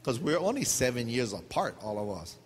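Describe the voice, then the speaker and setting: A middle-aged pastor from Hawaii, speaking Pidgin-tinged English in a mid-range voice at a slightly fast clip, tells funny stories during his sermon. He's animated and laughs mid-story, with long hall reverb and faint background noise around him.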